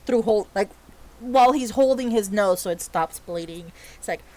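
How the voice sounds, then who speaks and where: A woman's voice: medium pitch, normal speed, darkish tone. A woman narrating a tabletop game as game master, in a casual, filler-heavy way.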